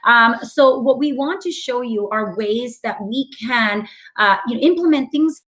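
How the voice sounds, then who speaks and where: A woman's voice: on the high side, measured pace, a bit bright. A middle-aged woman co-hosting a casual parenting talk, speaking with frequent affirmations and fillers. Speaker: co-host of a parenting meetup. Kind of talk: casual instructive chat.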